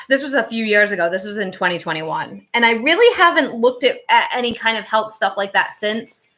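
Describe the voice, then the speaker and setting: A woman's voice: mid-range voice, sing-song, normal speed, pushed and bright. A woman tarot reader casually telling stories on a livestream, chatty and full of fillers and restarts.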